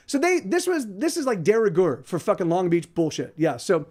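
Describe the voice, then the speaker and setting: A man's voice: high-pitched, big pitch swings, normal speed, darkish tone. A man telling an angry, profane story in a rambling way, with many restarts. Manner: quotes others in put-on voices. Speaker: podcast host.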